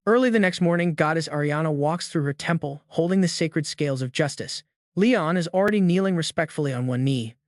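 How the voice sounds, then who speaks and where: A man's voice: a little high, a little fast. A man narrating a comic-book story recap in a scripted, dramatic storytelling manner.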